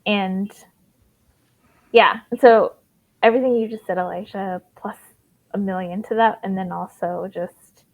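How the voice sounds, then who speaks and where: A woman's voice: mid-range voice, fairly even intonation, measured pace, long pauses. Earnest woman coach on a dull call. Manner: earnest, talks in long run-on thoughts with many "like"s. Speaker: life coach. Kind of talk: casual group discussion.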